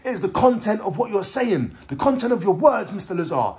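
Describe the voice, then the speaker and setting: Stern, indignant judge, formal and lecturing, pitched up, played by a man. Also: very animated, brisk, a little mellow.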